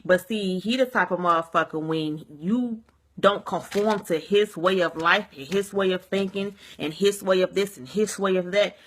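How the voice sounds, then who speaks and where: A woman rants to her viewers in a bright, forceful voice. She rambles, circles back to the same points, tacks "you see what I'm saying" onto her thoughts and swears without a second thought. She talks from home at the close of her day. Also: on the low side, normal speed. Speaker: vlogger. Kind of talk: casual vlog rant. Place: at home at day's end, sage and candles burning.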